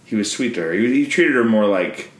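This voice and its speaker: A man in his thirties hosts a film podcast in a relaxed, talkative way, weighing ideas and pushing back gently. His voice sits fairly low, and the room around him rings with noticeable echo. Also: a little fast. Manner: chatty, thoughtful, gently argumentative. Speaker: podcast host. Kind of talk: casual film-review chat. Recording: roomy echo.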